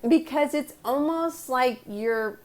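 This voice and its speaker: A woman's voice: high-pitched, takes it slowly, a little mellow. A woman co-hosting a podcast, chatting casually and reacting eagerly. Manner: agreeable, reactive, gossipy. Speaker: podcast co-host. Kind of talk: casual chat.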